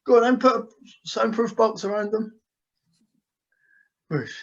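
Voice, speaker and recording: Man, hypnotist, slow repetitive suggestions, fairly high voice, muffled lo-fi video call sound. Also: lively intonation, a bit bright. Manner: soothing, repetitive trance suggestions. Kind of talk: guided hypnosis session. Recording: dull, lo-fi video call audio.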